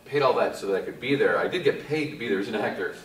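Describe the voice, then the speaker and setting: A man in his forties, an actor guest telling lively anecdotes to a convention audience, acting out what others said and laughing often. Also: lowish voice, quick pace. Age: 40s. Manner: animated storyteller, acts out quotes, laughs often. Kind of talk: casual anecdote to a live audience. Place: convention hall. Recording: echoey hall, distant mic.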